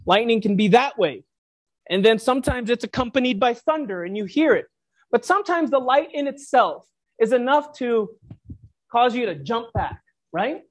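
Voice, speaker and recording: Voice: mid-range voice, expressive, moderate pace. A preacher delivering a reflective sermon, posing rhetorical questions to the listeners.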